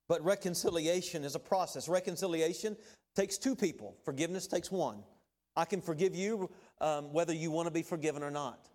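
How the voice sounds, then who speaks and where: High-voiced man preaching conversationally. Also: darkish tone. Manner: conversational preaching with asides and illustrations. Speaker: pastor. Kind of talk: sermon.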